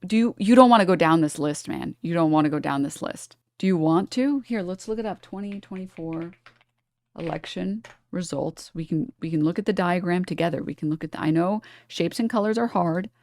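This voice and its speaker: A low-voiced woman from New York doing live stream commentary at a desk mic. She talks down to her chat with heavy sarcasm while muttering through charts, and the sound is close and dry with no room around it. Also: fairly quick, no room sound. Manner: sarcastic, condescending toward chat; thinks aloud while checking charts.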